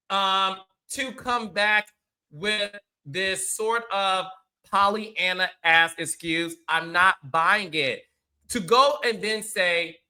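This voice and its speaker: Man, high voice, very bright tone, blunt sarcastic commentary, casual swearing, reality show recap host.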